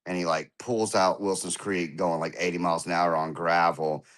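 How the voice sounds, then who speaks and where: A man's voice: deep voice, flat delivery, normal speed, fairly bright tone. A man chatting casually as a podcast host, laughing often and joking. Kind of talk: casual chat.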